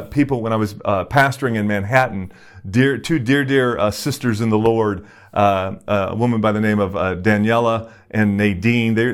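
A pastor preaching a sermon in a conversational storytelling way, with many fillers and restarts. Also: male voice. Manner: acts out quoted voices in a raised pitch.

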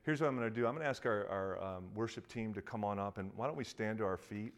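Earnest, halting male pastor preaching. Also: on the low side, slight background noise. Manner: conversational, halting, with many restarts and fillers; animated storytelling that drops to a quiet, earnest tone. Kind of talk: sermon.

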